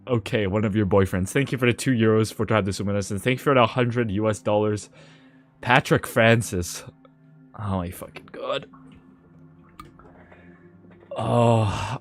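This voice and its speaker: A man's voice: on the low side, moderate pace, soft background music. A male game streamer chatting casually on a live stream, swearing and laughing as he thanks donors. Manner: animated, swears, laughs a lot.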